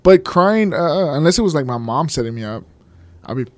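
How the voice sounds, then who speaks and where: A man co-hosting a casual chat, talking in slang with animated storytelling and joking asides. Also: on the high side, a little fast, no echo. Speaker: podcast co-host.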